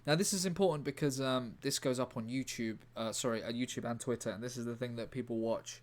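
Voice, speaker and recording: A man streaming live in a rambling, deadpan way, breaking off to answer his chat. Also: mid-range voice, fast talker. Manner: rambling, deadpan, self-interrupting. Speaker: livestreamer reading chat. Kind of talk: casual livestream chat.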